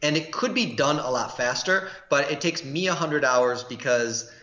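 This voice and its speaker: A man who is a guest on a live chat, explaining his work in a measured, thoughtful way. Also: fairly high pitch, pushed and bright, lo-fi sound. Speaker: guest, video creator. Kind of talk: casual interview chat. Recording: echoey room.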